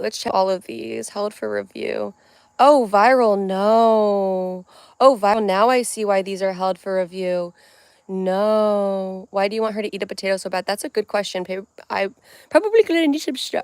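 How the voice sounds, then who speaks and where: Young woman rambling on her livestream from home, jumps topic to topic, mid-pitched voice. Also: normal speed, no room sound. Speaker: livestream host. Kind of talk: casual livestream chat.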